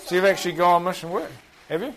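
Rapid-fire and fairly bright in tone, a high-voiced New Zealand man teaches a Bible class, putting questions to the group and joking at his own expense in a chatty, self-deprecating way. The recording is rough, with slight background noise.

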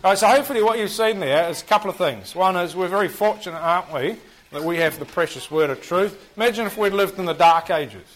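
Fast and animated, a man with a high-sitting voice and a New Zealand accent runs a Bible class, quizzing the group and cracking self-deprecating jokes in a chatty style. The audio is poor.

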